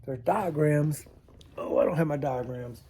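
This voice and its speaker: Guy, casual storytelling vlog, rambling, self-deprecating, mellow husky voice. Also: on the high side, a little slow. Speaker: storytelling vlogger. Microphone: camera mic on a tilting setup.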